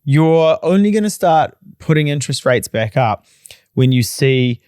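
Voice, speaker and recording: A man's voice: a little high, lively intonation, a little slow, darkish tone, smooth, dry recording, studio quality. A man, co-hosting a podcast and giving confident, emphatic opinions in casual chat. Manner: confident, emphatic, plain-spoken. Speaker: podcast co-host, mortgage broker.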